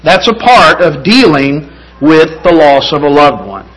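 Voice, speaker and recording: A man's voice: a little high, animated, unhurried, a bit bright, poor audio. A man preaching a sermon, earnest and rising to fervent emphasis.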